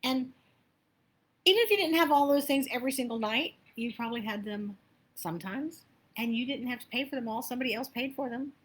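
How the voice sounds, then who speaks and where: A woman abundance coach giving a motivational spiritual talk, chatty and animated, telling stories with asides. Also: a little high, a little fast.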